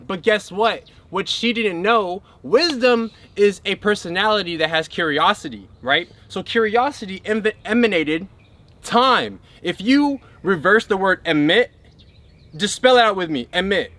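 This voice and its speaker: A man's voice: sits high, animated, measured pace, fairly bright tone. A man giving an emphatic spiritual teaching talk who keeps checking in with his listeners.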